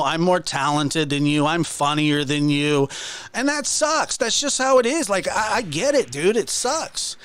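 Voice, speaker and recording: A man's voice: on the high side, a bit bright, no room sound. A man hosting his own channel, ranting casually in a mocking, exasperated way with many restarts. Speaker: channel host. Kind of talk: casual livestream rant.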